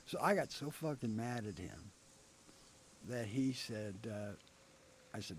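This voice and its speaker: A middle-aged man telling profane, animated stories about his past as a band singer in an interview. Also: fairly low pitch, slow, long pauses, a little hiss or hum. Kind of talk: casual storytelling interview.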